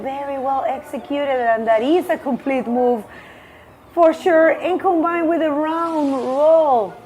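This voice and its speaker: High-voiced woman, live surf commentator, casual and excitable, faint noise behind. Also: rough recording. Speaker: contest commentator.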